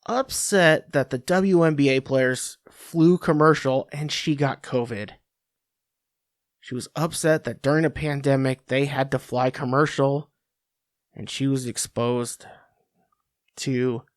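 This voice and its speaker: A man's voice: medium pitch, dry recording, clean studio sound. A man hosting a sports podcast, delivering a crude, sarcastic rant from his home office into a computer mic. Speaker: podcast host.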